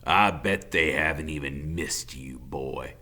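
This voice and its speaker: A man voicing a cold, volatile convict father who drawls low and then barks loud threats. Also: slow, full character voice. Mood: menacing.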